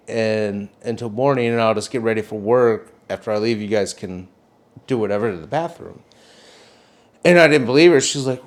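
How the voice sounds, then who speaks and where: A man co-hosting a podcast, telling a story in casual chat, swearing often and jumping up in pitch when he gets worked up. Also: smooth. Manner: animated storytelling, swears a lot, voice jumps up when excited. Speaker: podcast co-host.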